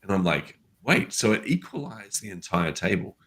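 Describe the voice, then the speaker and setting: A man with a low, deep voice tells a personal story in a relaxed conversation. He is an animated storyteller and acts out the dialogue he remembers. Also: normal speed. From New Zealand. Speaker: guest.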